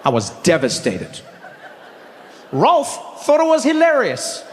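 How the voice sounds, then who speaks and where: Animated stand-up comedian in a big hall. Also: male voice, high-pitched, takes it slowly, a faint crowd, a little hiss or hum. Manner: animated, acts out characters mid-story. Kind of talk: stand-up storytelling.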